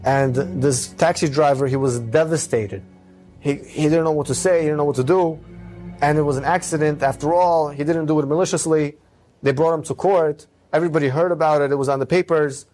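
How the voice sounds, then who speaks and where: A man's voice: steady tone, a little fast, a little mellow, faint music behind. Dramatic male storyteller. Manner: dramatic, with big swings in pace and pitch. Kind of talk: moral storytelling.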